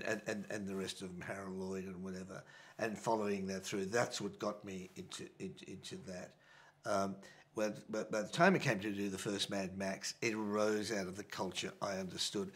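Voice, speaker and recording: Older man, Australian accent, film director, low-pitched, stops and restarts a lot. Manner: halting, with many restarts and repeated words. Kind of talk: reflective interview answers.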